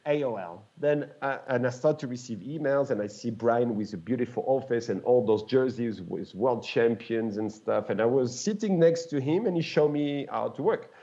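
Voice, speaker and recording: A man from France with a French accent, a guest telling lively stories in casual conversation, acting out the voices of the people in them. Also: mid-range voice, normal speed, hardly any pauses, muffled recording. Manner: animated, acts out voices in his stories, laughs often. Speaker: guest, former pro mountain biker. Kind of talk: casual storytelling.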